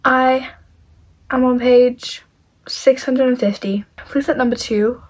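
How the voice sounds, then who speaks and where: A young woman chatting casually in a reading vlog, gushing and excitable, full of "like" fillers. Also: high voice, slow pace, low-quality recording. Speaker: book vlogger.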